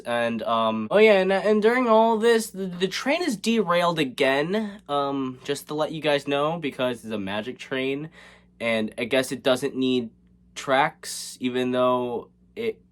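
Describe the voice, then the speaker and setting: A man's voice: mid-range voice, lively intonation, takes it slowly. A man recapping a movie in a casual, comedic way, sarcastic and rambling, with many fillers and restarts. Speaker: movie reviewer.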